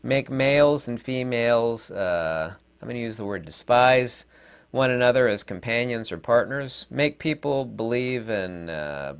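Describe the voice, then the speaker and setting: A man rambling to camera in a casual monologue, pausing often on fillers and trailing off quietly. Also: medium pitch, animated, smooth. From Southern United States. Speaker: video commentator.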